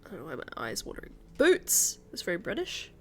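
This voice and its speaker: A woman's voice: mid-range voice, wildly swooping pitch, very fast, fairly bright tone, slight background noise. A woman streaming a guessing game, thinking aloud and chatting to her viewers. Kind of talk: live-stream gameplay chat.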